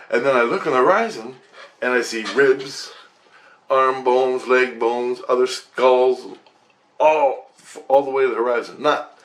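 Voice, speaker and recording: A man telling a rambling, excitable personal story to his viewers, with frequent swearing. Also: medium pitch. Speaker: vlogger.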